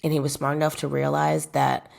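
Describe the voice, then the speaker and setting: Low, gravelly young woman telling a story. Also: completely flat delivery, brisk. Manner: emphatic, repeats phrases for effect; addresses viewers directly and chattily. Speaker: footballer vlogging about her career. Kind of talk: casual storytelling vlog.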